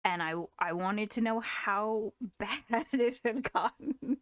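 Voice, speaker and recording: A woman's voice: a little high, takes it slowly, a bit bright, no room sound, clean studio sound. Chatty, laughing woman streamer. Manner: chatty, laughs often, restarts sentences. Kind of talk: casual live-stream chat.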